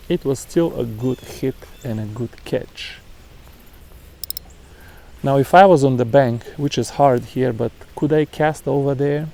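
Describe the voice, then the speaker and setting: A man with a gravelly, mellow voice rambles through a fishing vlog outdoors, chatting to his viewers and to the animals around him. He talks slowly, and a faint outdoor ambience sits behind him. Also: mid-range voice, slight background noise. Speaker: fishing vlogger. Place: outdoors on the water.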